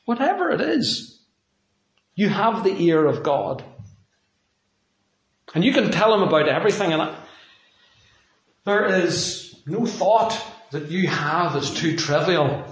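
A man's voice: high-pitched, lively intonation, slow, long pauses. Echoey preacher man, conversational. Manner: conversational, telling personal anecdotes. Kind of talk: sermon.

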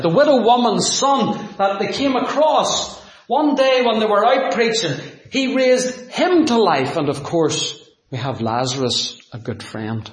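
A man preaching a sermon, dramatic and full of rhetorical questions, swinging from loud to hushed. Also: a little high. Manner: asks the audience rhetorical questions. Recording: echoey room.

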